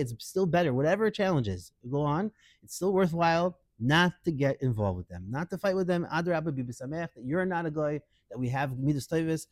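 A middle-aged man teaching a lively Torah class, acting out quoted voices and mixing Hebrew into English. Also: on the high side, fast talker, no room sound.

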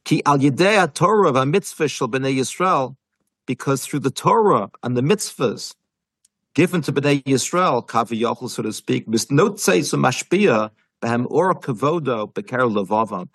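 Earnest man teaching Torah, husky voice. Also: medium pitch, expressive, unhurried, fairly bright tone, dry recording. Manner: earnest, repeats and rephrases, mixes Hebrew terms. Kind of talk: explaining a Jewish text to a listener.

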